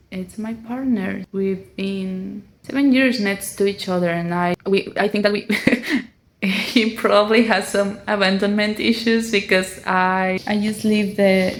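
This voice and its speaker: A young woman from Mexico with a Mexican Spanish accent, speaking English as a second language, chatting casually to camera in a rambling, self-conscious way; her voice sounds near tears. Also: mid-range voice. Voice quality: voice sounds close to crying. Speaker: vlogger.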